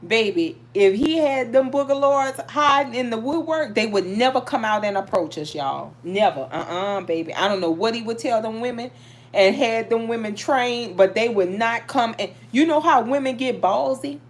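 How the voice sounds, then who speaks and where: A middle-aged woman hosting a live chat, telling stories in a lively, animated way and talking straight to her viewers. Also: on the high side, moderate pace. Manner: animated, storytelling, talks to viewers. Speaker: livestream host reading tarot.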